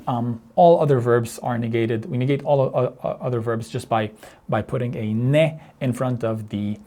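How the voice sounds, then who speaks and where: Male language teacher, mellow tone, patient explainer, stumbles and restarts, slow drills. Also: medium pitch. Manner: patient, repeats words and restarts phrases; drills word pairs slowly. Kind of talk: explaining grammar over slides.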